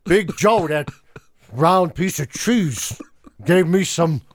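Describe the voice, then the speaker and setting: A man's voice: a little high, takes it slowly. A man voicing a brash male American tough-guy gangster with a put-on American accent, swaggering and cursing.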